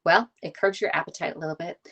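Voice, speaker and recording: A woman, chatting through a live cooking stream in her home kitchen. Her voice sits a little low for a woman. She greets viewers by name and tags her steps with "okay?" and "all right?", all picked up by her phone. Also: quick pace, gravelly, fairly bright tone, husky. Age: 50s. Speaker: live-stream host demonstrating recipes. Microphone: phone camera on a stand.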